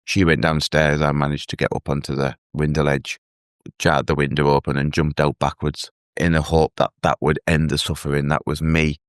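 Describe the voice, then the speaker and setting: An earnest man telling his own story as a guest in an interview, halting and restarting as he speaks. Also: extremely low pitch, flat delivery, smooth, no room sound, studio quality. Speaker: guest, mental health advocate. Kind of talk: emotional personal story in an interview.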